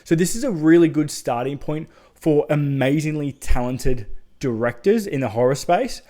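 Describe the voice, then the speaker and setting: A man's voice: fairly high pitch, animated, normal speed, warm tone. A man giving a casual, enthusiastic spoken review of horror short films, swearing freely and adding chatty asides.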